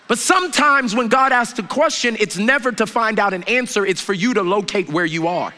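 A man preaching a sermon in a lively, conversational way, bantering and trading questions with the congregation. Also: extremely high pitch, normal speed. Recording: reverberant hall with faint noise.

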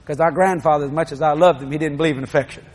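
An older man preaching a sermon, animated, shouting and laughing as he acts out scenes. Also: on the high side, very fast.

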